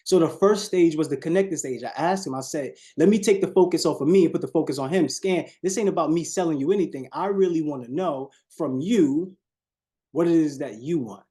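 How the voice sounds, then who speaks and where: A man runs a live online sales coaching call in a warm voice that is on the high side and a little fast. He is preachy and repetitive, shifts his tone on purpose, and often addresses the audience as "y'all."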